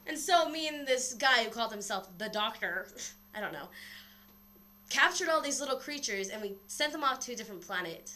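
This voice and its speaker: A young woman with a fairly high voice vlogs casually into her webcam's built-in mic at a moderate pace. Slightly out of breath, she rambles through a story, animated and swearing a lot.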